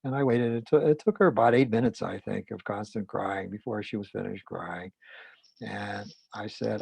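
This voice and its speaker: An older man, a psychologist, recounting a therapy case in a halting way, often repeating words. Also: on the low side, gravelly, darkish tone, husky, no echo.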